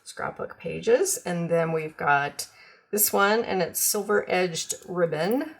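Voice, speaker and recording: Middle-aged lady chatting thru new craft goodies, real gravelly voice, slow and easy. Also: on the low side, animated. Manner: chatty, frequent ums, gushes over cute designs. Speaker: craft product demonstrator. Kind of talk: casual product show-and-tell.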